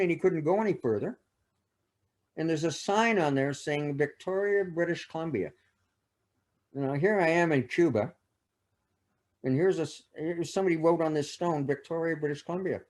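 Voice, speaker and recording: A man with a somewhat high voice tells personal stories as a guest speaker. His delivery is chatty and anecdotal, and he often checks in with his listeners. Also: normal speed, a little mellow. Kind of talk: personal storytelling talk.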